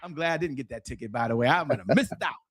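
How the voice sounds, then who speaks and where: A man's voice: mid-range voice, lively intonation, very fast, fairly bright tone, breathy edge. A middle-aged man, a sales strategist guest in an interview, telling stories energetically and addressing viewers directly in a preacher-like way.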